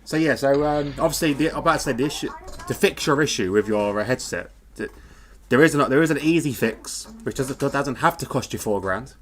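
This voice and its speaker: A man's voice: medium pitch, lively intonation, brisk. Chatty man commentating a sim race. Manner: chatty, rambling with many fillers and restarts. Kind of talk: casual live race commentary. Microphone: wireless headset.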